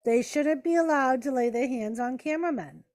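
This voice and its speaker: A woman's voice: sits high, moderate pace, darkish tone. A woman hosting a casual live-stream watch party, chatting with viewers, calling the action and talking to her pets. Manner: chatty, answers chat and talks to her pets.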